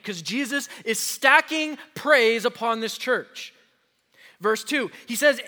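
Emphatic male pastor with a very high, forceful voice, preaching with long reverb in a church sanctuary. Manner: emphatic, slows down to stress key words; addresses the congregation directly. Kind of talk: sermon.

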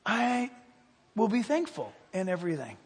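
A man's voice: sits high, wildly swooping pitch, moderate pace, slightly rough. Fervent older male pastor, echoing hall. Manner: fervent, swells loud on key points then drops quiet. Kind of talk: sermon. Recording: long hall reverb.

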